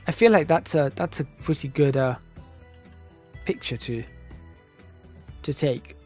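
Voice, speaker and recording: Man, fairly high voice, casual thinking-aloud gameplay commentary, soft music bed. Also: a little slow. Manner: thinking aloud, musing and self-correcting. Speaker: gaming channel host. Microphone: desk microphone, voice drifting in and out.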